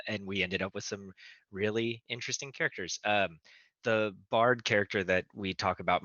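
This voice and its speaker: A man's voice: sits low, bright, forceful tone, no room sound. A man on a tabletop gaming panel, chatting casually in a rambling, self-deprecating way with lots of fillers, recorded with dull, muffled audio. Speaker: tabletop game player, panelist.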